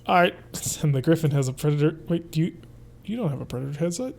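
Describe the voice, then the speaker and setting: A man talking through his game as he plays, relaxed and chatty, thinking aloud. His voice sits a bit high for a man but sounds soft and mellow, never sharp. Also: brisk, vocal fry, slight background noise. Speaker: host. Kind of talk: let's play gameplay commentary.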